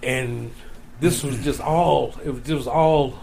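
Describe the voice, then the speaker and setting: A man's voice: medium pitch, slow pace, vocal fry, a little mellow, a little hiss or hum. A man as an interview guest, telling a long personal story in a casual, rambling way, repeating his phrases. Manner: rambling, repeats phrases, folksy Southern-style speech.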